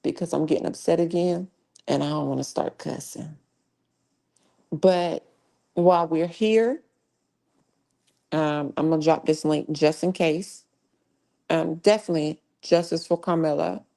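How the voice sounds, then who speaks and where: A woman's voice: sits low, steady tone, measured pace, creaky, long pauses, warm tone. A woman hosting a live true crime commentary stream, talking bluntly with heavy cussing and slang. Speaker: livestream host.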